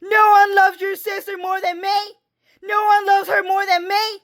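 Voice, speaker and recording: A woman's voice: very high-pitched, level tone, normal speed, fairly bright tone, pitched above the performer's own voice. A woman voicing a hysterical, furious adult woman who shrieks, sobs and curses at top volume. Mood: hysterical fury. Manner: shrieking, sobbing, cursing.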